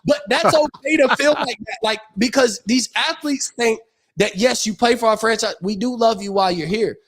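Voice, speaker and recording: A man's voice: very high voice, moderate pace, a bit bright. A man co-hosting a sports podcast, talking emphatically in casual chat and hammering his points home by repeating them. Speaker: podcast co-host.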